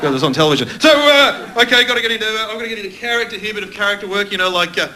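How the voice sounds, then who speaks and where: A man's voice: high voice, expressive, very fast, pushed and bright. A man with an Australian accent doing rambling, self-mocking stand-up comedy and crowd work on a TV studio stage. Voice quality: rambling, chatty, self-mocking, laughing at his own lines. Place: TV studio stage with live audience.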